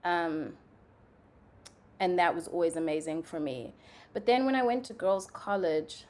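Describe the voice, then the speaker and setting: A woman's voice: fairly low pitch, a little slow. Chatty young woman from Zimbabwe. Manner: animated storytelling, many "like" fillers, acts out quotes. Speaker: guest, playwright and actress. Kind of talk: casual conversational interview.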